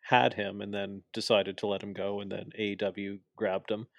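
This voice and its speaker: Low-voiced man, opinionated casual chat. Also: little pitch movement, moderate pace, creaky, no room sound. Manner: opinionated, explains at length with many fillers. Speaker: podcast co-host.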